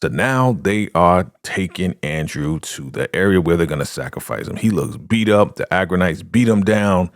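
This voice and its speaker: A deep-voiced man recaps a TV episode casually into a studio podcast mic, retelling the scenes in an animated way and acting them out as a TV recap vlogger. He talks at normal speed with hardly any pauses. The audio is studio quality, with no room sound.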